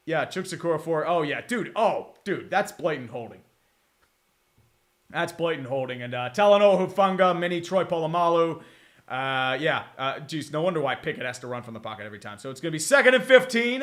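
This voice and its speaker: A man with a fairly high voice calls a game live on a stream, piling on sarcasm and curses as his team struggles. He drifts through filler words and repeated groans. His tone is bright and forceful. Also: brisk. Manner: exasperated, sarcastic, swears often. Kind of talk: live game watch-along commentary.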